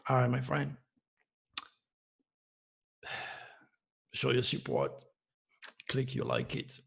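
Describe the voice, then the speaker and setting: A man's voice: mid-range voice, very animated, takes it slowly, creaky, breathy edge. A man in his seventies with a French accent, giving a boastful, preachy monologue to his viewers as an astrologer host. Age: 70s.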